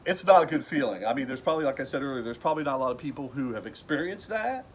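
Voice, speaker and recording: A man's voice: medium pitch, lively intonation, very fast, slight background noise. A man casually telling a personal story at home in a rambling way, acting out the people he quotes.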